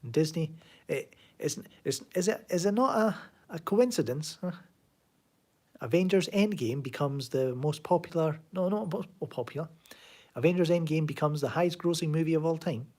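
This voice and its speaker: A man's voice: a little high, expressive, normal speed, darkish tone. A man with a Glaswegian Scottish accent chatting casually and sardonically on a live stream from his home, answering chat. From Scotland. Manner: rambling, sardonic, reads chat aloud. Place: home room.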